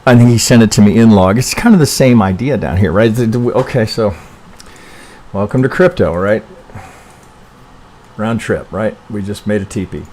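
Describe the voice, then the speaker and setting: A man's voice: on the low side, normal speed, pauses often, a little mellow, a little hiss or hum. Man, trading chart review, live stream, rambling, self-interrupting, keeps asking "right?", allergy-stuffy voice. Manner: rambling, self-interrupting, frequent "right?" tags and mild swearing. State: congested with allergies.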